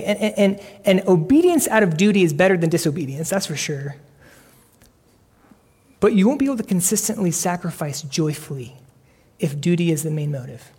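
A pastor preaches in a relaxed, conversational manner and circles back on phrases before landing them. The voice sits at a middling pitch. A long hall reverb trails every sentence, the sound of a large sanctuary. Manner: earnest, conversational preaching with frequent restarts. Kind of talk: sermon.

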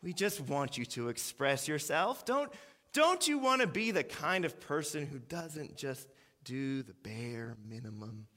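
A man's voice: a little high, sing-song, a little slow, pushed and bright, long reverb tail, exaggerated voice. A man voicing an exasperated restaurant manager who talks down wearily with heavy sighs. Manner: weary, condescending.

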